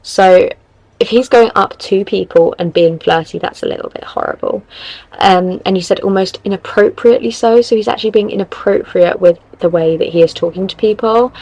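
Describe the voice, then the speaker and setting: A woman's voice: medium pitch, a little mellow, no echo, poor audio. A young woman hosting a podcast, chatting casually as she gives relationship advice, rambling and correcting herself as she goes. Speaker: podcast host.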